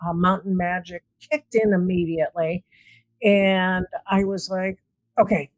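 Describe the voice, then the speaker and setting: A woman with a fairly low voice speaks a little slowly, captured in a dry, rough recording. She's a paranormal investigator being interviewed as a guest, telling her stories casually and animatedly, acting out the quoted dialogue to bring them to life.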